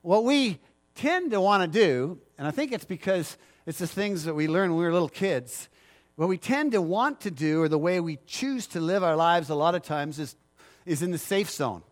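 A man's voice: sits high, expressive, moderate pace. A middle-aged male pastor preaching a sermon, emphatic and repetitive, asking the congregation for agreement.

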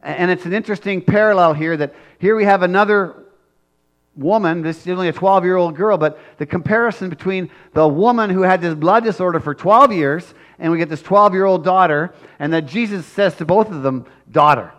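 High-voiced earnest male preacher. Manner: earnest, swells loud and slows when acting out pleas. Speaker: pastor. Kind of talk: sermon.

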